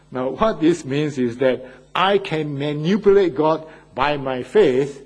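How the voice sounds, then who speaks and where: A man's voice: mid-range voice, darkish tone, breathy edge, rough recording. A man preaching a sermon, stressing key phrases and putting questions to the congregation.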